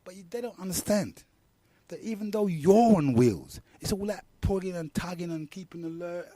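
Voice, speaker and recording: Middle-aged London radio host, rambling and slangy, warm low-key tone, dry close sound. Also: male voice, lively intonation, normal speed, no room sound. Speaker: radio talk show host. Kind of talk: casual monologue.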